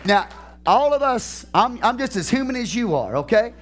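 Impassioned pastor with a lively, swinging pitch. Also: male voice, noisy background. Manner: impassioned preaching that swings between shouted peaks and slow drawn-out phrases. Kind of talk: sermon. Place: church.

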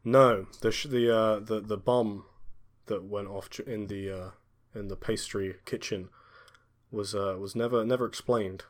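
A man narrating as game master, talking haltingly with many pauses and restarts. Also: fairly low pitch, steady tone.

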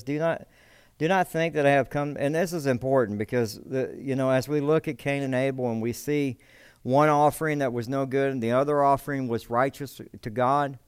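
Male preacher, sermon delivery; smooth resonant tone, dry recording; emphatic swings in volume, repeats key words. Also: no room sound. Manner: swings between loud emphasis and low, quiet asides.

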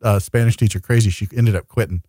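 A man's voice: lowish voice, fast, dry recording, studio quality. A man co-hosting a podcast in casual chat, ranting and swearing with lots of energy. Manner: animated, profane, ranting. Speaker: podcast co-host.

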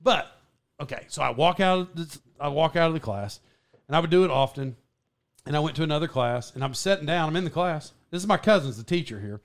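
A man with a high voice tells a long story to his podcast co-host in a loose, casual way. He rambles, laughs often and restarts his sentences. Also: lively intonation, quick pace.

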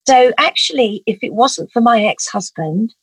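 A woman's voice: a little high, animated, moderate pace, husky, no echo, rough recording. A middle-aged woman, telling an emotional personal story as an interview guest in an earnest, vivid way. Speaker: guest, parent advocate.

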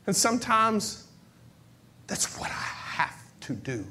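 A man preaching a sermon as pastor, moving from near-whispers to shouted cries and repeating phrases for emphasis. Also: sits high, big pitch swings, takes it slowly.

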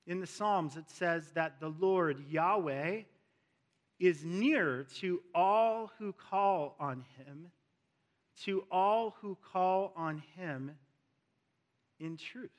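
A male pastor preaching a sermon in a church, slow and emphatic, repeating key words for weight. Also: high voice. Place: church sanctuary with a screen. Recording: long reverb of a large hall.

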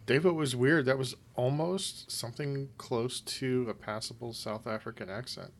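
A man's voice: mid-range voice, moderate pace. A man keeping score for a trivia game, chatting casually with a wry, teasing manner. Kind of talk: casual chat.

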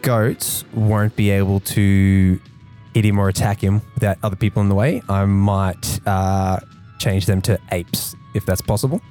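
A man playing a tabletop game, talking casually and thinking out loud through his turn. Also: lowish voice, steady tone, normal speed, faint music behind. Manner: casual, thinking aloud, laughs easily. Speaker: player.

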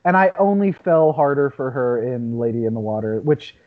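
A man's voice: medium pitch, animated, normal speed, narrow, tinny audio. A man in his thirties discussing movies on a casual podcast, reflective and thinking aloud with frequent restarts. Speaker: podcast co-host.

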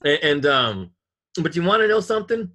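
A man's voice: a little high, very animated, normal speed, pushed and bright. A man in casual chat, telling a story in an angry, profane rant.

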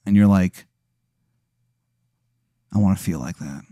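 A man spinning an improvised comic scenario in second person, rambling with many fillers in a deadpan way. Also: sits low, a little slow, no room sound, studio quality. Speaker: host running an improvised scenario. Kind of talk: casual comedic storytelling.

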